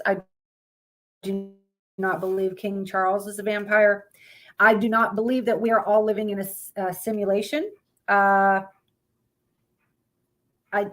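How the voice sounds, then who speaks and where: A woman at a mid pitch hosts a casual live stream. She chats loosely, greets viewers as they come in, and trips over words while reading topics aloud.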